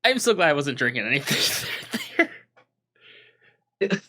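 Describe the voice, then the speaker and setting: Lively, bright-voiced man bantering. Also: a little high, slow. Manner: jokey, reactive banter. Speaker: podcast co-host. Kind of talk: casual podcast chat.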